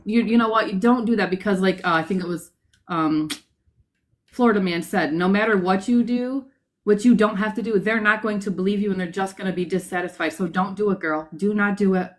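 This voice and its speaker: A woman's voice: mid-range voice, a little fast, poor audio. Emotional woman giving encouragement. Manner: emotional, encouraging, repetitive emphasis. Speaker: livestream guest. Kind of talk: emotional livestream talk.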